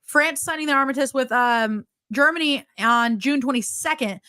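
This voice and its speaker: A woman's voice: sits high, normal speed, pushed and bright, dry recording, clean studio sound. A woman co-hosting a podcast, reading a wartime timeline aloud in casual chat and laughing at herself between dates. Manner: reads dates aloud, laughs often, self-teasing. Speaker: podcast co-host.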